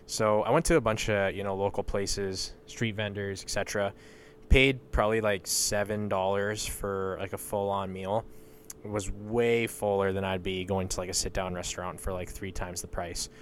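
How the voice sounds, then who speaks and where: A young man from western Canada with a fairly low voice hosts a casual solo podcast against slight background noise. He's blunt and rambling, swears freely, and leans heavily on fillers like "you know" and "like."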